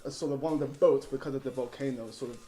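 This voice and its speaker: A man's voice: mid-range voice, fast, reverberant. Chatty young man reviewing films. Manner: animated and laughing, rambling with restarts. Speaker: film reviewer. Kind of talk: casual film review chat.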